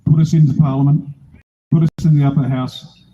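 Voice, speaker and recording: A man's voice: fairly high pitch, fairly even intonation, a little fast, mellow, highs cut off, slight background noise. Blunt older Australian man, rally speech. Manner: blunt, rousing, jokey. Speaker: political speaker at a rally.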